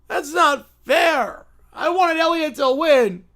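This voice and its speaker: A man's voice: very high-pitched, expressive, takes it slowly, pushed and bright, pitched above the performer's own voice, full character voice. A man voicing a whiny, spoiled little boy who complains and pleads. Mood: whining. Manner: whining, pleading.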